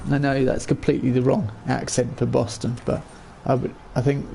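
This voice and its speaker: Brief: male streamer, gravelly voice, mid pitch, loose chatty game commentary. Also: flat delivery, fairly quick, dark tone, slight background noise. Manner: chatty, chuckles often, talks to chat. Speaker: gaming streamer. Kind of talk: casual let's-play commentary.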